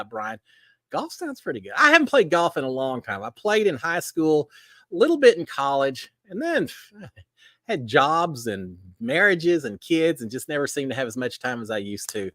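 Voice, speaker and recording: A man's voice: fairly high pitch, no room sound. A middle-aged man from Texas with a Texas drawl, hosting a live stream and chatting casually with viewers in a folksy way with lots of fillers. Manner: folksy, animated, warm greetings with many fillers. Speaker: live show host.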